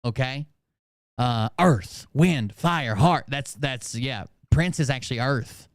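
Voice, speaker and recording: A man hosting a commentary show, making sarcastic, crude, deadpan jokes about a clip. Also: medium pitch, takes it slowly, dry recording, studio quality. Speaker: commentary host. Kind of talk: mocking commentary.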